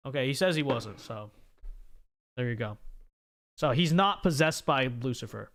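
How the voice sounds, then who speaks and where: A man's voice: fairly high pitch, expressive, normal speed, fairly bright tone. Stammering man hosting a livestream. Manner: stammering repeats, frequent tag "okay?". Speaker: livestream host. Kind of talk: casual livestream chat reading super chats.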